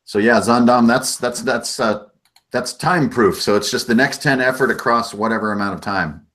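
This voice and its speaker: A man's voice: medium pitch, moderate pace, a bit bright. A man narrating as game master in an easygoing, conversational way, often hedging with "sort of" and "kind of".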